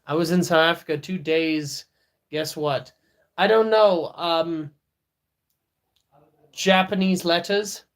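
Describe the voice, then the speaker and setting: A man's voice: fairly high pitch, steady tone, takes it slowly, pauses often. A man streaming live, chatting casually with viewers, laughing often and talking to his dog.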